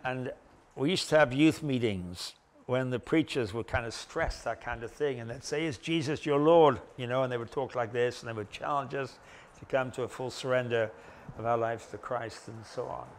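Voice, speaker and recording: A man gives a Bible lecture in a relaxed, conversational way. His voice sits at an ordinary middle pitch, and he often pauses and restarts mid-sentence. He slips in gentle jokes at his own expense. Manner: conversational, with gentle self-deprecating humor. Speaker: Bible teacher.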